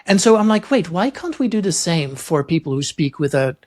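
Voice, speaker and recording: A man hosting a podcast interview, chatting casually and thinking aloud with animated quoted asides. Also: a little high, a little fast. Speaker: podcast host.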